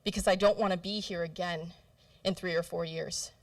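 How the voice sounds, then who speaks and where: A woman's voice: on the low side, fairly even intonation, moderate pace. A young woman from New Jersey giving an emotional, earnest candidate speech at a forum, with fillers and restarts. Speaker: congressional candidate. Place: event room with food.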